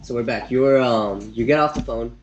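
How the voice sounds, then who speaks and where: A man who hosts a podcast, relaxed, asking follow-up questions and recapping his guest's story in a casual interview. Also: mid-range voice, normal speed, muffled recording, slight background noise. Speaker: podcast host.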